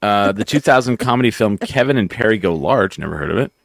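A man's voice: on the low side, lively intonation, fast talker, creaky, no room sound. A man co-hosting a comedy podcast, reading articles aloud and cracking jokes in casual chat. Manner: reads out articles with wisecracks. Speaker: podcast co-host.

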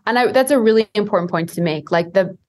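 A woman's voice: mid-range voice, fast, a little mellow. A woman guest in a casual chat, earnestly explaining spiritual ideas.

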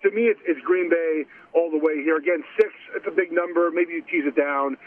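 A man giving emphatic, fast-stumbling betting picks as a guest, heard over a remote call. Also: a little high, fairly even intonation. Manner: emphatic, repeats words when starting. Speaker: guest sports bettor. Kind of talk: sports betting analysis. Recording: tinny phone-line audio.

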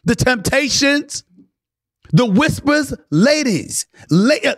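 A man hosting a podcast in a casual monologue, emphatic, swinging between loud preaching and low murmurs, now and then singing bits of old soul songs. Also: very animated, unhurried, pauses often, dry recording, studio quality. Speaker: podcast host.

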